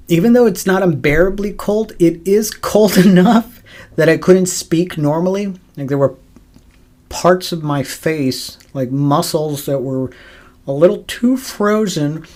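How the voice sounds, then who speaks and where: A man's voice: on the high side, a little mellow. A man hosting his own podcast in a casual solo monologue, rambling and profane, with frequent laughs and fillers. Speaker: podcast host.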